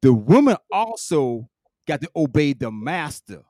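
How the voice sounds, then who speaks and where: A man hosts a podcast in a heated, casual debate. He is emphatic and keeps cutting in to press his point, and his slightly high voice swings up and down a lot. The sound is close and dry. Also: sing-song, measured pace, mellow, dry recording. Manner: emphatic, keeps interrupting with repeated "listen". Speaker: podcast host.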